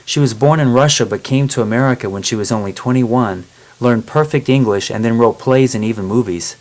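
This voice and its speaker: A man's voice: medium pitch, brisk, a little mellow, natural voice. A man voicing a knowledgeable grown man guide who explains things plainly, in a storybook reading. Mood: informative. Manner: explaining, informative.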